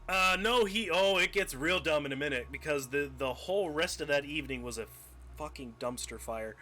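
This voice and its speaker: A young man streaming live, casually telling a tabletop game story, animated and profane, acting out scenes as he goes. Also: fairly high pitch, moderate pace. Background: faint music.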